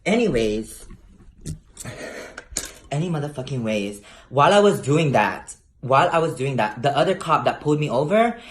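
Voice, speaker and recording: A man's voice: mid-range voice, very animated, moderate pace. A young man telling a brash, profane story in a sassy storytime vlog. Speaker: vlogger. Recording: roomy echo.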